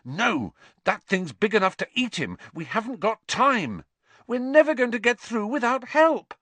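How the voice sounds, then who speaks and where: A man's voice: mid-range voice, big pitch swings, moderate pace, breathy edge, no room sound. A man reading aloud and voicing a determined teenage boy who speaks tensely and grimly. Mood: desperate. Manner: tense, panting, grim.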